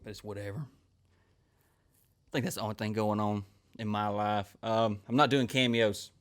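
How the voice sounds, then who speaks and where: A man's voice: lowish voice, fairly even intonation, unhurried, a bit bright, clear, resonant tone. A man, a comedian hosting a podcast and telling crude, rambling stories full of swearing. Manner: crude, rambling, swears constantly, acts out quoted people. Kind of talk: profane storytelling monologue.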